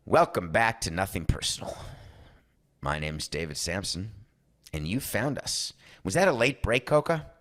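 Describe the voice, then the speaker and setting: A man hosts a sports talk podcast, speaking at a moderate pace in a low voice. His opinionated monologues are animated, and he acts out quoted voices.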